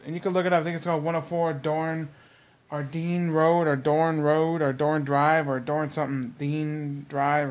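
A young man hosting his own vlog, ranting heatedly and repetitively straight at his viewers. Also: fairly high pitch. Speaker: vlog host.

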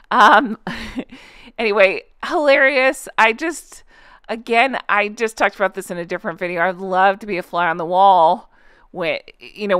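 A woman's voice: mid-range voice, pushed and bright, clear, resonant tone, dry recording, studio quality. A woman hosting a reaction channel, chatting to viewers with a giggly, casual manner and lots of fillers.

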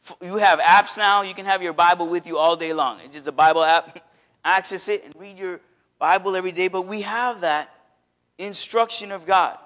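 Bright-voiced man preaching a sermon. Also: high-pitched, moderate pace. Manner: conversational, animated retelling with acted quotes. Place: church sanctuary.

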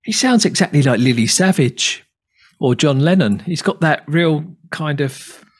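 Casting: husky-voiced UK man, casual podcast co-host, rambling chat. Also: a little high, expressive, measured pace. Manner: chatty, rambling, laughs easily.

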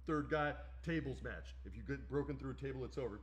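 A man in his forties co-hosts a podcast and tells a lively story in casual chat, his pitch swinging widely as he acts out lines and swears freely. He speaks briskly, with a faint hiss beneath his voice.

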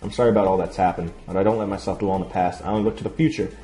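A man's voice: low voice, fairly even intonation, racing, warm tone, soft background music, voice pushed down, close to an everyday voice. A cocky young gym leader girl, read aloud by a man. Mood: boastful. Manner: brash, taunting. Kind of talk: reading game dialogue aloud.

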